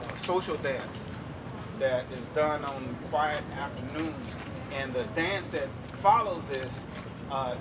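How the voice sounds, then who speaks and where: A man teaching drum rhythms to a group in a lecture-demonstration, explaining step by step and often checking in with "okay?". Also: a little high. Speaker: drum instructor. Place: outdoor campus event. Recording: distant mic, clear outdoor noise.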